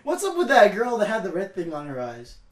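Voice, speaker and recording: A man's voice: high voice, wildly swooping pitch, fairly quick, crowd noise. A young man co-hosting a casual podcast chat, laughing and joking, often mimicking lines. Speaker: podcast co-host.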